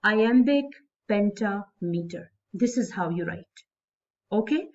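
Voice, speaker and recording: A woman teacher gives a classroom lecture, explaining each step slowly and repeating key points. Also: mid-range voice, expressive, darkish tone. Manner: slow, repetitive, explaining step by step. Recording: distant, muffled classroom recording.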